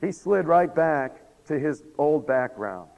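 A man's voice: on the high side, expressive, slow pace, creaky, a little mellow, muffled recording. A man preaching a sermon, telling a story animatedly, acting out the quotes and asking the congregation questions, while losing his voice. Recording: long hall reverb.

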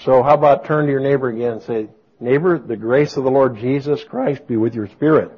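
A man preaching a sermon, swinging from booming exclamations to soft storytelling. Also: brisk, husky. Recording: dull lo-fi sound.

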